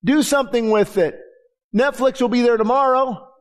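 A middle-aged pastor delivers a conversational sermon at a normal speed, his voice pitched very high. He acts out the dialogue in the stories he tells.

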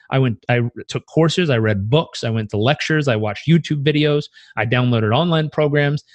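Man, podcast guest, earnest reflective storytelling, medium pitch, dry close sound. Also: no room sound. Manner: earnest, acts out inner voices with pitch jumps.

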